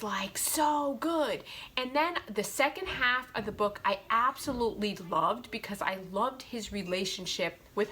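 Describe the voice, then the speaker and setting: Young woman doing a chatty book review, bright clear voice, lots of "like", little hiss behind. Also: mid-range voice. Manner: heartfelt, chatty, full of "like" fillers. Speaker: booktuber reviewing romance novels. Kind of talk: casual book review chat.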